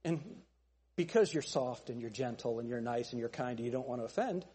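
A man preaching a sermon as pastor, emphatic and pointed, asking the congregation rhetorical questions and building to shouts. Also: medium pitch, animated, normal speed, husky.

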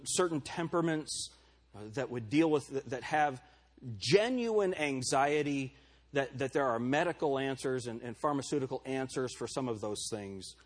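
A man's voice: medium pitch, slightly rough. A male pastor giving a candid, conversational sermon to his congregation and calling on members by name. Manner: candid and self-deprecating. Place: church service before a congregation.

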